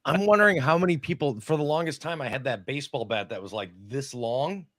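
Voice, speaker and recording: A man's voice: mid-range voice, a little fast, a bit bright, dry recording, clean studio sound. A man co-hosting a comedy podcast who teases dryly and explains things matter-of-factly. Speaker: podcast co-host. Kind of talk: casual comedic banter.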